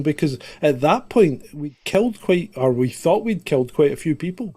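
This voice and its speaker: Bloke on a podcast, kinda high voice, cracking jokes. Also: male voice, lively intonation, normal speed, hardly any pauses, a little mellow. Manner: joking, laughs often. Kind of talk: casual podcast chat.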